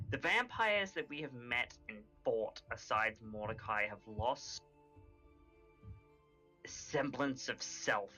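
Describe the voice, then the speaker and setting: A man playing his character at a tabletop game, explaining slowly and deliberately with stumbling restarts. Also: mid-range voice, sharp tone, rough recording. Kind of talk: in-character tabletop role-play.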